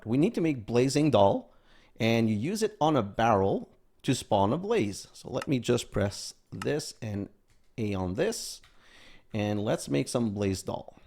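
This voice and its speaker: Man, gaming host, casual play-by-play, gravelly voice, average pitch. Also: darkish tone. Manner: thinks aloud, counts items under his breath. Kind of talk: casual game commentary.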